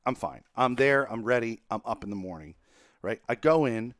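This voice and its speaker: A young man on a casual gaming podcast, spinning a profane, animated story. His voice climbs sharply when he gets exasperated. The sound is dry and close, with no room echo. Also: medium pitch, normal speed. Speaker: podcast host. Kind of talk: casual chat.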